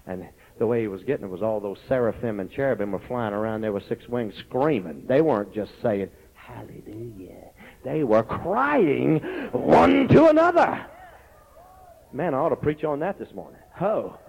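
A man preaching a lively sermon as pastor, breaking into shouted exclamations between stories and scripture reading. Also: mid-range voice, a little fast, vocal fry, few pauses, slight background noise. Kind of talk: Pentecostal-style sermon. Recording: lo-fi recording.

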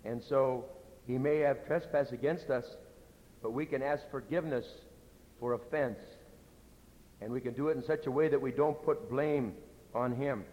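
A middle-aged pastor preaching in a church, earnest and conversational, going soft and low when he tells of his own mistakes. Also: normal speed, muffled recording. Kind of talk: sermon. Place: church sanctuary. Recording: echoey hall with faint rumble.

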